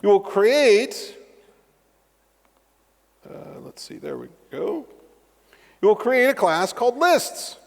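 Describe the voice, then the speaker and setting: Middle-aged man, conference speaker, lively and joking live-coding delivery, high voice with long hall reverb. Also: slow pace, creaky, pauses often. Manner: animated and joking, with asides to the audience. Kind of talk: live-coding tech talk.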